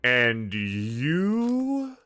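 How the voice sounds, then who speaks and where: A man's voice: medium pitch, wildly swooping pitch, extremely slow, sharp tone, smooth, soft background music. A man streaming a game, thinking aloud in a hesitant, musing way. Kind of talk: casual gameplay commentary.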